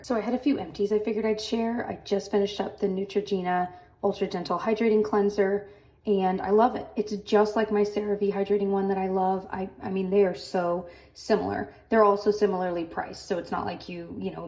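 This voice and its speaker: A woman's voice: medium pitch, steady tone, fairly quick, a little mellow, poor audio. A young woman chatting casually to camera as a family vlogger, talking loosely with plenty of "like" fillers.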